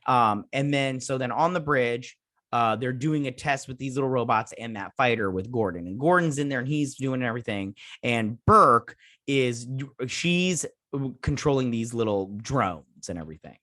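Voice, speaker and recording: A man's voice: mid-range voice, animated, normal speed, pushed and bright, dry recording, studio quality. Rambling male TV recap host. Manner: rambling, with many fillers and restarts. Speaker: host of a TV review channel. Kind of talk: casual episode recap.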